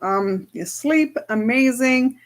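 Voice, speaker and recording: Brief: woman coach, fairly high voice, casual chatty teaching to a group. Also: expressive, slow. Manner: chatty, often checks in with "right?". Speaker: spiritual and business coach.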